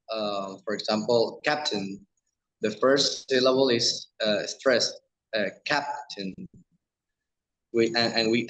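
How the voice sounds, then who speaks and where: A man with a Spanish accent, a native Spanish speaker, teaching English pronunciation in a halting lecture with many restarts. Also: mid-range voice, fairly bright tone, rough recording.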